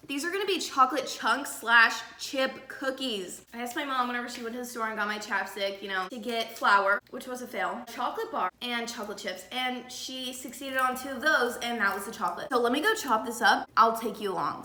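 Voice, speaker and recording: In her echoey home kitchen, a woman vlogs while baking, chatting and rambling with jokey asides for her casual cooking channel. Her voice is fairly high and bright, with a forceful tone, and she talks a little fast with few pauses.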